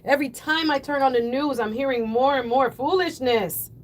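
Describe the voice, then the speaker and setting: A woman hosting a call-in radio show, delivering impassioned, preachy commentary that swells toward yelling. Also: high-pitched, moderate pace. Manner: fiery, preachy, rising to yelling then apologizing. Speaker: radio talk show host.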